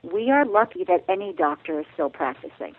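A woman's voice: fairly low pitch, big pitch swings, fairly quick. A woman speaking as a bioethicist guest on a radio interview, earnest and direct as she explains her advice. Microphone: telephone. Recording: tinny phone line.

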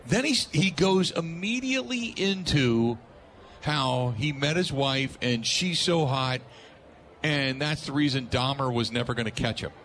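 A man's voice: mid-range voice, a little slow, a little hiss or hum. A male sports talk radio host telling an anecdote, laughing and acting out what people said. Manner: animated, laughing storyteller acting out quotes.

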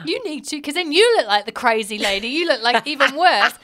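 A woman's voice: high-pitched, big pitch swings, a little fast, sharp tone. A woman, co-hosting a casual podcast, chatty and often laughing. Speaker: podcast co-host. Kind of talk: casual chat.

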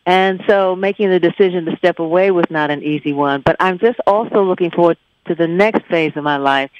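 A woman in her fifties, a longtime TV news anchor, answering interview questions in a warm, reflective, measured way. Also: lowish voice, highs cut off, slight background noise.

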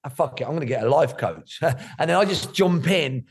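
Gravelly, husky man telling his story. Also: on the high side, normal speed. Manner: animated, swears freely. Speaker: guest. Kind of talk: candid storytelling interview.

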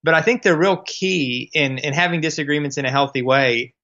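A man's voice: on the high side, brisk, sharp tone, muffled recording. A man giving marriage advice as a guest, talking earnestly over the phone. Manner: earnest, explanatory. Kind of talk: casual radio chat. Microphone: phone line.

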